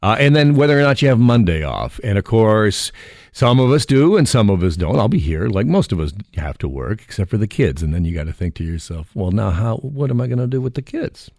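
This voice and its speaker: A man hosting a talk radio show, animated and jokey, with frequent restarts. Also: lowish voice, fairly quick, dry recording, clean studio sound.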